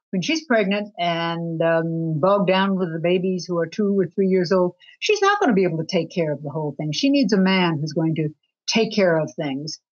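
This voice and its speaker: Expressive low-pitched woman, dull recording. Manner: expressive, pitch leaping up for emphasis. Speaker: guest author on attraction. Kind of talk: interview answers.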